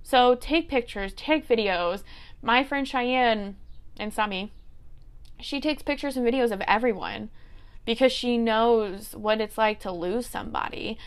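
A woman's voice: a little high, a little slow, clean tone. A woman in her twenties hosting a solo podcast, giving earnest life advice in a casual way. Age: 20s. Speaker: podcast host and teacher.

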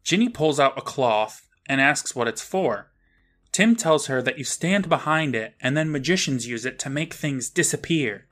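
A man's voice: mid-range voice, animated, normal speed, a bit bright. A man co-hosting a podcast, wryly narrating a TV episode beat by beat. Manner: wry, narrating plot beat by beat. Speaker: podcast co-host. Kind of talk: casual episode recap.

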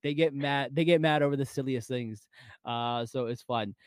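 A man's voice: mid-range voice, moderate pace, no echo, studio quality. A man co-hosting a casual fan discussion, recapping scenes and laughing often. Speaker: podcast co-host.

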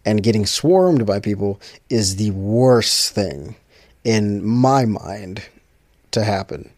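A man's voice: fairly low pitch, lively intonation, takes it slowly, a little mellow, no echo, clean studio sound. A man chatting casually to his viewers, rambling with frequent restarts and fillers.

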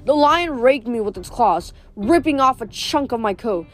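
A woman reading a novel aloud in a steady storytelling voice, with small slips and restarts. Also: fairly high pitch, normal speed, faint music behind. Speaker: reader.

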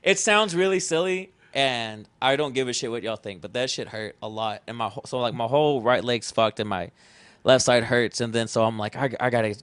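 Young guy on a podcast, rambling storyteller, mid-pitched, dry close sound. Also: a little fast, fairly bright tone, clean tone, no room sound. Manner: rambling storytelling, swears casually, acts out his own past lines. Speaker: podcast guest, festival founder. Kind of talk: casual chat.

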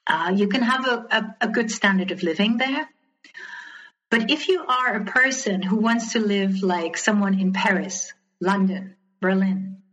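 Candid woman telling her story, lo-fi. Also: mid-range voice. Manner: candid, animated retelling, often quoting others. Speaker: podcast guest. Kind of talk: personal storytelling in conversation. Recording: slightly dull lo-fi audio.

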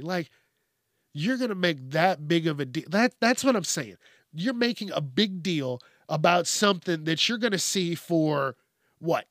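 Guy ranting and swearing about the news, slow and drawn out, kinda high voice. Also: no room sound, clean studio sound. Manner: profane, ranting, mocking. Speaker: host. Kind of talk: profane rant-style commentary on news stories.

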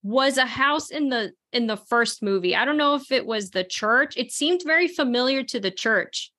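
A woman's voice: high voice, lively intonation, normal speed, sharp tone. A woman hosting a podcast in casual chat, rambling and laughing as she talks. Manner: chatty, rambling, laughs often. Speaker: podcast host.

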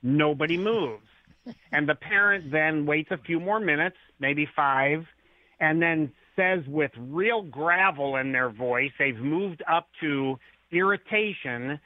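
On a tinny phone connection with no room sound, a male author with a higher-leaning voice talks slowly as a radio interview guest. His explanations come through storytelling, and he acts out quoted lines.

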